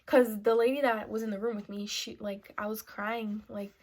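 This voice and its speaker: A young woman vlogger telling a personal story in a casual sit-down style, filling her talk with "like" and "you know" and sometimes dropping to a hushed half-whisper. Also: medium pitch, little pitch movement, moderate pace. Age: young adult. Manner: chatty, full of "like" and "you know" fillers. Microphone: camera mic, seated to camera.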